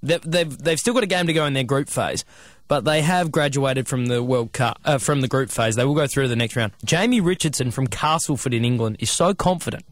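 An Australian man hosting drive-time sports radio, trading banter and reading out headlines and station plugs at a brisk clip. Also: medium pitch, no room sound. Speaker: radio host. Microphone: studio microphone.

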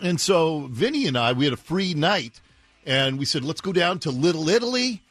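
A man hosting a radio talk show, animated and opinionated, ranting with sarcasm. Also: on the high side, normal speed, no echo, soft background music. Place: radio studio.

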